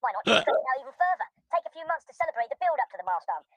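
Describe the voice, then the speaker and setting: A woman's voice: high voice, sing-song, racing, dull audio. A woman voicing a grumpy, complaining listener persona in a recorded audio message, with a sarcastic ranting manner.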